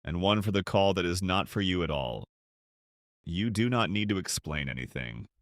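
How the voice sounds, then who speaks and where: A man teaching beginner English in a slow, clear, scripted way, pausing so listeners can repeat. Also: deep voice, lively intonation, no room sound, clean studio sound. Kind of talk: slow scripted lesson for learners.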